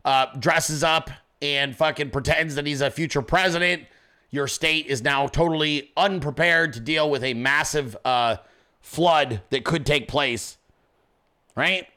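A man's voice: a little high, pushed and bright. A man hosting a political commentary show, blunt and crude, ranting at his audience in casual speech. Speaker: show host.

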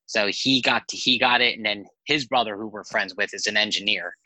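A man guest on a podcast, telling animated, rambling anecdotes in casual chat and swearing freely. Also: lowish voice, a little fast, dry recording, low-quality recording.

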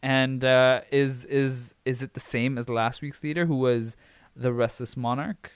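A man's voice: medium pitch, fairly even intonation, a little slow, clear, resonant tone, dry recording. Swearing, rambling male podcast host. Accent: switches between accents. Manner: rambling, swears freely, self-correcting. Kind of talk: casual solo podcast talk.

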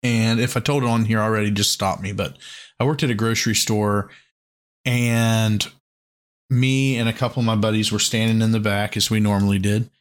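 A man's voice: lowish voice, fairly even intonation, normal speed. Rambling, profane man telling stories. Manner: rambling, profane, heavy use of "like". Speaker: podcast host. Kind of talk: casual storytelling chat.

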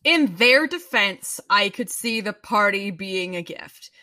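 A woman's voice: mid-range voice, lively intonation, slow, bright, forceful tone, no echo, recorded from a distance. A woman co-hosting a casual podcast, playfully reasoning and laughing along with her co-host. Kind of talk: casual chat.

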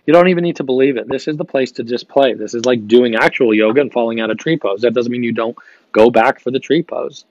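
A young adult man hosting a live gratitude show, talking in an energetic, upbeat coaching manner, reading viewer comments and repeating phrases for emphasis. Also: medium pitch, fast talker, no echo. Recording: dry, slightly dull stream audio.

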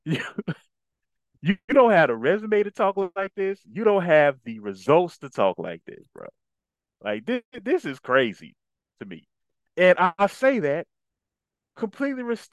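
A man's voice: high-pitched, very animated, unhurried, dry recording. A man co-hosting a casual podcast, laughing often as he fires playful trash-talk back at a rival player. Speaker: podcast co-host.

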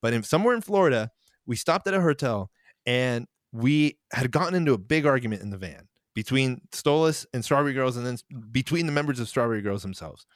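A young man hosting a podcast, telling band stories in a rambling, halting way. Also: mid-range voice, expressive, no room sound, studio quality. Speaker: podcast host, band member. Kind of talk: casual chat, storytelling.

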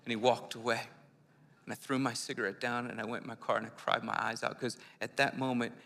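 A man's voice: medium pitch, level tone, brisk, vocal fry, bright, forceful tone. A man from Philadelphia preaching a sermon, telling his own testimony in an earnest, conversational way. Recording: long hall reverb.

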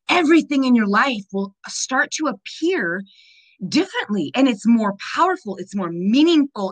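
A woman's voice: fairly high pitch, rough recording. A woman in casual chat on a video call, upbeat and emphatic, laughing often.

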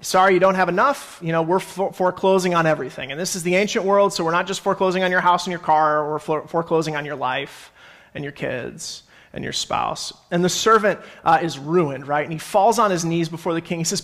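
A man's voice: fairly high pitch, steady tone, a little fast, fairly bright tone. A young adult man giving a conversational sermon as pastor, reading scripture and stopping to explain it. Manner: conversational, self-correcting, reads scripture aloud.

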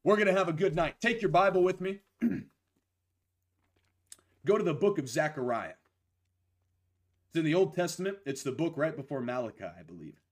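A young man preaching a live-streamed sermon, a little hoarse from losing his voice, slowing down to stress key phrases and greeting viewers by name. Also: a little high, animated.

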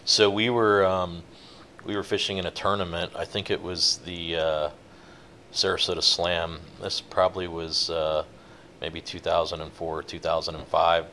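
Deep-voiced man telling a sea story. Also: normal speed, a little hiss or hum. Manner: relaxed, rambling, many fillers. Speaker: guest, offshore fishing boat captain. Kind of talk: casual interview storytelling.

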